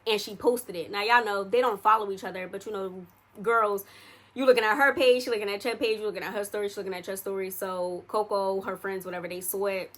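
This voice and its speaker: A woman's voice: medium pitch, steady tone, fast talker. A young adult woman telling a story in a casual, chatty way, speaking straight to her viewers with plenty of slang.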